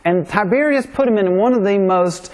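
A man's voice: high-pitched, moderate pace, a little mellow. A man preaching a conversational sermon, often checking in with "right?". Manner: informal, keeps asking "right?".

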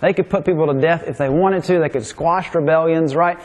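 A man's voice: fairly high pitch, fairly quick. Man preaching in a casual way. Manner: informal, keeps asking "right?". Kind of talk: conversational sermon.

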